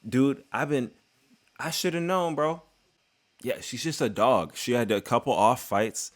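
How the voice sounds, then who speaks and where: A man giving a casual, excitable fight recap on his channel, joking and talking in slang. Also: medium pitch, unhurried. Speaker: MMA YouTuber.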